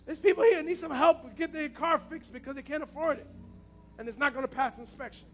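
A man's voice: very high voice, quick pace. A man preaching a passionate sermon as pastor, repeating his key phrases.

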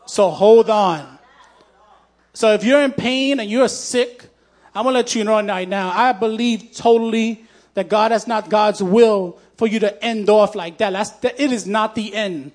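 A man with a strikingly high voice delivers a testimony sermon. He talks in a loose, conversational way, full of fillers and false starts, and stays heartfelt throughout. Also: fairly even intonation, normal speed. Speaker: preacher.

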